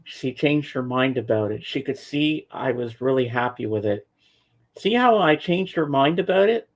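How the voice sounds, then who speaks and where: A mid-range, expressive male voice at normal speed belongs to a show regular. In a relaxed podcast conversation he spins out a long personal story, rambling, restarting often, repeating words, and acting out others' remarks in quotes.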